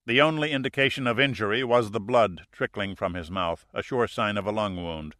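Bright, crisp male audiobook narrator. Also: on the low side, dry recording, clean studio sound. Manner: steady, measured storytelling. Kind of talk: scripted thriller narration.

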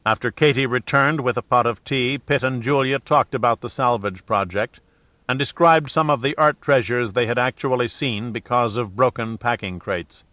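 A man narrating a novel in a steady, even reading voice. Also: medium pitch, moderate pace, no room sound. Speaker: audiobook narrator. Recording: dull dry studio read.

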